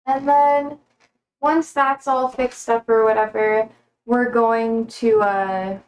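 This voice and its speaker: Young woman rambling on a cooking stream, kinda high voice, chatty. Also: steady tone, takes it slowly, rough recording. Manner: rambling, talks baby-voice to her pets. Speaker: livestreamer. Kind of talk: casual chat while cooking.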